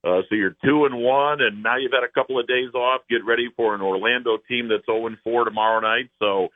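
A man's voice: mid-range voice, fairly even intonation, brisk, no room sound. A man, a team's radio announcer, giving easygoing sports analysis as a guest on a radio show. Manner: easygoing, storytelling analysis with chuckles. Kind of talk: phone-in sports radio interview. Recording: tinny phone line.

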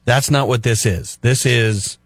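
A man's voice: mid-range voice, unhurried, dry recording. A male radio co-host talking with casual enthusiasm and building up his description. His mid-range voice is recorded dry and close. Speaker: radio traffic and weather reporter.

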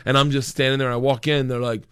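A man's voice: medium pitch, level tone, fast, a bit bright, smooth, no echo. A middle-aged man telling a funny story in a radio studio, laughing through his lines and acting out other people's quotes. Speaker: comedian guest telling a story. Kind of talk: animated comic storytelling.

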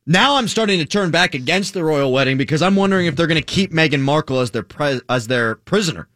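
An American man hosts a casual chat in a high, very lively voice. His tone is bright and forceful, and he argues in an animated, opinionated way. The recording is dry and close. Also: quick pace, no room sound. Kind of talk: casual talk-show chat.

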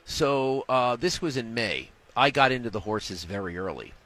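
Man, interview guest, crisp bright voice, quick jokey manner, acts out quotes. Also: mid-range voice, lively intonation. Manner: quick, jokey, acts out his wife in the story. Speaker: sports business reporter, guest. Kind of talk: animated interview storytelling. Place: radio row booth at a live event.

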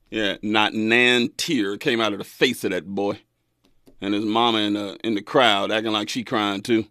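A man in his twenties hosting a talk radio show, animated and folksy, laughing often. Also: on the low side, no echo, studio quality. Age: 20s.

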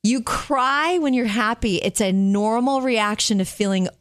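A middle-aged woman co-hosting a show, telling stories in a lively, animated way. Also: on the high side, no echo, clean studio sound. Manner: animated storytelling, quick asides. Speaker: radio show co-host. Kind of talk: casual chat.

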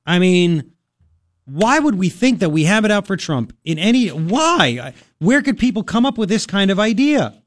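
A man's voice: high voice, very animated, normal speed, dry recording, clean studio sound. A man hosting a radio talk show, chatting casually and laughing, mocking people in a playful voice. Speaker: radio host.

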